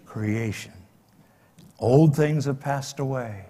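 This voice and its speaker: An older man preaching a sermon as pastor, dramatic, swinging between loud exclamations and hushed lines. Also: medium pitch, takes it slowly. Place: church sanctuary. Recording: long reverb of a large hall.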